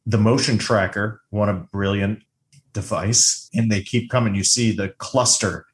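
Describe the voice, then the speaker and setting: A man co-hosting a casual movie chat, animated and swearing freely, acting out lines from scenes. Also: on the low side, unhurried. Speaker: podcast co-host.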